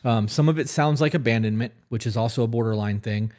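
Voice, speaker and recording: Guy cohosting a live advice show, middle pitch, blunt and sweary, explains stuff at length. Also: quick pace, darkish tone. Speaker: podcast co-host. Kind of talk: live advice podcast chat.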